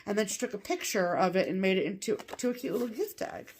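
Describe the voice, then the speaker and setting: A woman's voice: medium pitch, animated, quick pace, darkish tone, slight background noise. Gushing woman sharing cross-stitch finds. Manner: gushing, enthusiastic. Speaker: co-host of a cross-stitch show. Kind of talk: casual show-and-tell chat.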